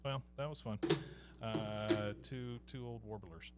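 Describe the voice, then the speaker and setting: A laid-back man chatting casually as a podcast host, his voice on the low side. He jokes around and laughs easily. Music plays clearly behind him. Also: steady tone, slow pace. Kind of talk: casual chat.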